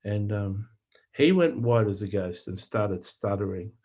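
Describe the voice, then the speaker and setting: A man, a Christian author and minister, telling personal testimony stories in an earnest, plain-spoken way, halting often with fillers and repeated words. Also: fairly low pitch, darkish tone. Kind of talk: personal testimony storytelling to camera.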